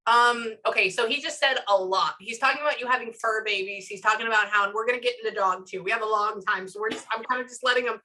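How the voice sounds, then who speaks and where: Bright, chatty woman giving a reading. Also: fairly high pitch, fairly quick, long pauses, rough recording. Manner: chatty, animated, stops herself with frequent asides. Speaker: psychic medium. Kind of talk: casual reading session with a client.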